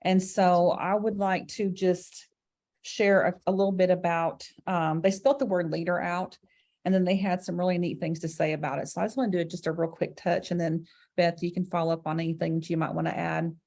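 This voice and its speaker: A woman with a slightly low voice hosts a casual conversation. She sets up each topic in a measured way and sounds encouraging, with some fillers along the way. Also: steady tone, darkish tone. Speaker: host. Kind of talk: casual recap chat.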